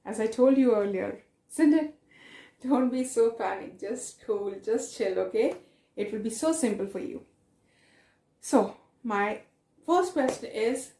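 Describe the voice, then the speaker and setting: A woman's voice: on the high side, warm tone, reverberant. A woman teaching a reading lesson in English with a South Asian accent, repeating her questions and praising answers.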